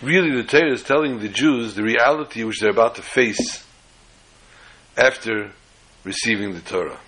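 A man's voice: mid-range voice, moderate pace, a bit bright, low-quality recording. A man giving a Torah class lecture, explaining step by step and often restarting or rephrasing words mid-sentence. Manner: tells jokes as illustrations. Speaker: Torah teacher.

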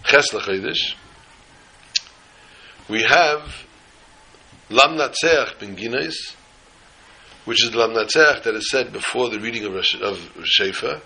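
Bright-voiced man telling a sermon story. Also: medium pitch, a little slow, creaky, pauses often, breathy edge, poor audio. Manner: animated storyteller who acts out scenes. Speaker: rabbi teaching the weekly Torah portion.

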